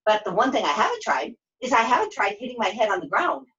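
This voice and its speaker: A woman puppeteer voicing a chatty, excitable young girl who talks in quick, sassy bursts during a puppet show. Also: on the high side, dull audio. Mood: sassy, excited. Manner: breathless, sassy, quick to exclaim.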